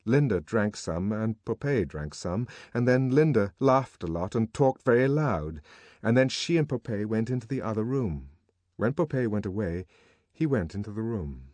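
A man narrating an audiobook in a measured, expressive storytelling manner, recorded on a close studio mic. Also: fairly low pitch, no echo.

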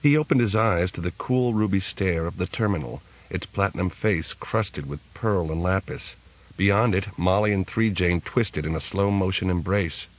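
A man narrating an audiobook in a steady, measured way. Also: deep voice, poor audio. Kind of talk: scripted narration.

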